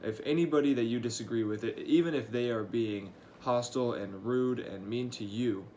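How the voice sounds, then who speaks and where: Young male church intern, earnest casual devotional, mid pitch, faint ambience under the voice. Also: moderate pace, warm tone, a little hiss or hum. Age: young adult. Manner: earnest, casual, with fillers and restarts. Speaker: high school church intern giving a devotional. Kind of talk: short devotional talk.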